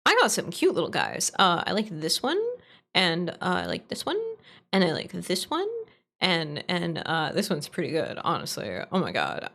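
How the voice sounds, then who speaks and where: Chatty, animated woman streamer. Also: on the low side. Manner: rambling, animated, swears casually, laughs often. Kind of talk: casual live-stream chat with viewers.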